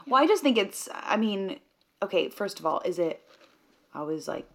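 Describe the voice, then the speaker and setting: A woman's voice: medium pitch, sing-song, moderate pace, creaky, a bit bright. An American woman co-hosts a casual podcast from a bedroom. Her voice sits in the middle range and she rambles with fillers. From United States. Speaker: podcast co-host. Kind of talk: casual chat.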